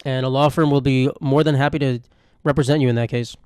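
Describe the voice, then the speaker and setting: Speaking fast with fairly even intonation, a young man hosts a solo comedy podcast, wandering from topic to topic in an irreverent, self-mocking way and often muttering asides. His mid-pitched voice is darkish, clear and resonant. The mic is close and dry, with no echo or room sound.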